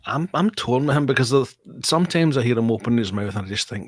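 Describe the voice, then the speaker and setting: A man chatting casually as a guest, relaxed, sweary and enthusiastic. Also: mid-range voice, quick pace, husky, dry recording. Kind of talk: casual chat.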